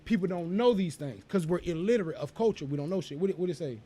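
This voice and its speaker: Man, high voice, rapid talk, rambling profane podcast rant. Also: background noise. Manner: rambling, animated, profane, goes off on tangents. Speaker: podcast co-host.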